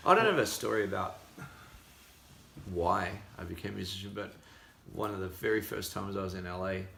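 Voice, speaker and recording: An Australian man spinning a lively story in casual chat, slipping into the voices of the people in it. His low voice has a gravelly edge yet sounds bright and forceful. The room around him is echoey. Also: brisk, a little hiss or hum. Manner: animated storyteller acting out quoted voices. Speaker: musician.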